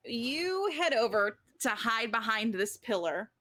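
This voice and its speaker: A woman narrating a tabletop game as game master, unhurried and full of "like" and "um" fillers. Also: fairly high pitch, sing-song, bright, forceful tone, dry recording.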